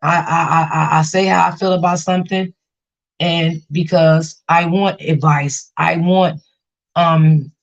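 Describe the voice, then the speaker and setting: On a casual livestream, a woman with a low-pitched voice vents about family, reassures her chat, and frequently repeats herself. The recording sounds muffled.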